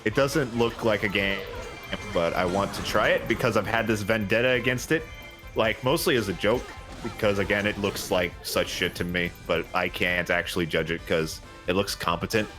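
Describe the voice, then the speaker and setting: A man's voice: fairly low pitch, moderate pace. A man hosting a let's play, chatting casually and swearing freely, breaking into silly voices as he tells stories. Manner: animated and profane, jumping into silly voices for quotes. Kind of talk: casual chat over gameplay. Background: game music.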